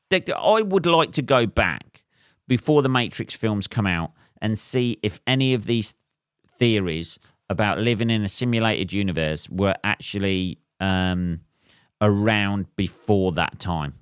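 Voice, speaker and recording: Rambling, wry English podcast host. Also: male voice, fairly low pitch, expressive, moderate pace, clear, resonant tone, no room sound, studio quality. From England. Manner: rambling, self-mocking, wry asides and frequent ums. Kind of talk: solo rambling podcast monologue.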